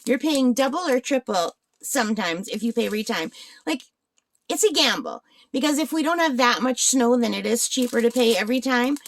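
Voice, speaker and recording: Woman, 40s, from northern Ontario, chatty crafting vlogger, talks to viewers, slightly high pitch, faint background noise. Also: expressive, a little fast. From northern Ontario, Canada. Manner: chatty, rambling, asks viewers questions. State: hiccups. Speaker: crafting channel host. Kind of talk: casual chat while crafting.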